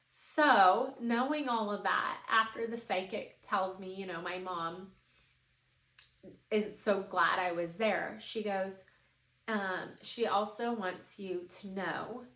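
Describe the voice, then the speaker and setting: A woman's voice: medium pitch, bright, forceful tone. Heartfelt woman storyteller in echoey room. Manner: emotional, heartfelt, many "like" fillers. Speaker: podcast host. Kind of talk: personal storytelling.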